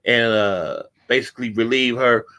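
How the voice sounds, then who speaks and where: A man hosting a casual talk show, telling a street story with lively acted-out quotes. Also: mid-range voice, moderate pace. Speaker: podcast host.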